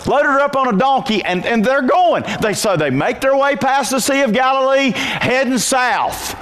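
A pastor preaching a sermon in church, telling the story with energy and moving from quiet asides to shouted peaks. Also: male voice, extremely high pitch, animated, moderate pace.

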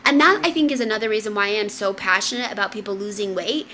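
A woman co-hosting a podcast, telling a family story in casual, profane, animated chat. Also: mid-range voice, fast, a little hiss or hum. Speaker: podcast co-host.

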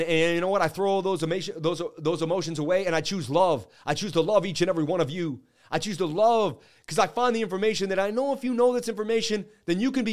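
A man in young adulthood hosting a crypto livestream, delivering a fiery, preachy rant full of repeated slogans. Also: sits high. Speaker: livestream crypto market host. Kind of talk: impassioned live rant.

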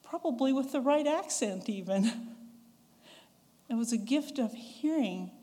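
A woman's voice: high-pitched, expressive, normal speed, mellow. A woman from the western United States with a Western American accent, preaching a sermon in a conversational way, chuckling and acting out quoted voices. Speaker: pastor. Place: church sanctuary. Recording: long church reverb.

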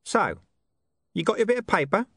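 A man's voice: high voice, very animated, moderate pace, bright, forceful tone, husky, no echo, clean studio sound, pitched above the performer's own voice, exaggerated voice. A man voicing a shady hidden informant. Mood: furtive. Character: hoarse shady male informant, secretive.

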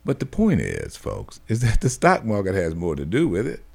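Animated male talk radio host. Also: lowish voice, normal speed, creaky. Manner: folksy, preachy, laughs between points. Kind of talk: opinionated radio monologue.

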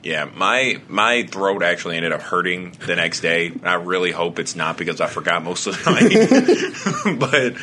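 A man's voice: low voice, very animated, measured pace, few pauses, bright, forceful tone, a little hiss or hum. A young man co-hosting a casual podcast chat, joking, swearing and laughing often. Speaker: podcast co-host.

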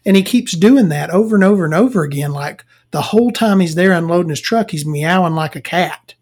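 A woman's voice: fairly low pitch, expressive, a little fast, darkish tone, slightly rough. A woman, telling blunt, profane work stories to camera in a casual rant. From Southern United States. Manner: profane, blunt, laughing storyteller. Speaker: vlogger.

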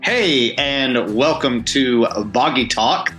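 A man's voice: mid-range voice, lively intonation, takes it slowly, pushed and bright, soft background music, low-quality recording. A man who pastors a church, co-hosting a casual faith podcast and joking at his own slips. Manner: joking, self-deprecating. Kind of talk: casual chat.

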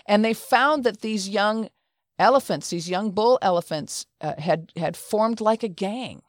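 A woman's voice: medium pitch, unhurried, no echo, studio quality. A middle-aged woman hosting a Christian talk show, telling stories in an earnest, conversational way with frequent restarts. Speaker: host.

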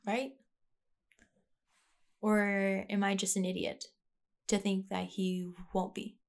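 A woman's voice: mid-range voice, flat delivery, slow, gravelly. Young woman, podcast host, unscripted and reflective, many fillers and restarts, mid-range voice. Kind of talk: casual personal monologue. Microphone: plugged-in podcast mic.

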